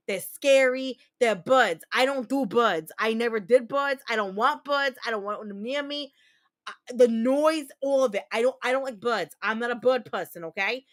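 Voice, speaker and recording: Woman from jersey streaming from home, swears a lot, rambles and goes off on rants to chat, slightly higher voice. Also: a bit bright. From New Jersey. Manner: profane, rambling, quick to rant. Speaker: livestream host. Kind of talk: casual livestream chat.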